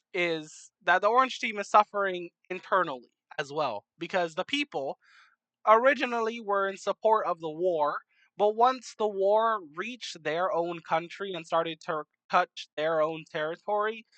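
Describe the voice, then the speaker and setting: A young adult talks through a map timelapse in casual commentary, rambling and correcting themselves as they go. The pitch sits in an ordinary middle range. The recording is dry and close, with no room sound. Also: expressive, a little slow, a bit bright, no room sound, low-quality recording. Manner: rambling, many fillers and self-corrections, joking asides. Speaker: narrator of a map timelapse series.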